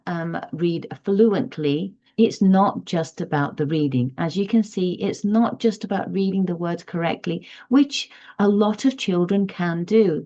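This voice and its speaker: Woman, teacher explaining to parents, slow and deliberate, low-ish voice, dull lo-fi audio. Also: warm tone. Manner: measured, explanatory, demonstrates reading aloud. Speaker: teacher giving parenting advice. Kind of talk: instructional talk to parents.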